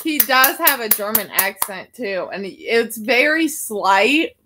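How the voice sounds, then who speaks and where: A woman's voice: on the high side, animated, slow pace, bright, forceful tone. A woman co-hosting a casual stream, talking in a teasing, playful way. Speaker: livestream co-host. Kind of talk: casual chat.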